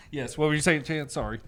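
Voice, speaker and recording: Giggly teasing man, podcast co-host. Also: a little high. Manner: giggly, teasing, quick banter. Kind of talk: casual chat.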